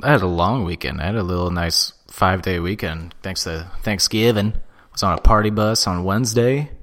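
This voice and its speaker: A man with a fairly low voice hosts a casual podcast, cracking jokes and laughing as he talks. His delivery is loose and chatty, and every now and then he rushes through a plug. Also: a bit bright. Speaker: podcast host.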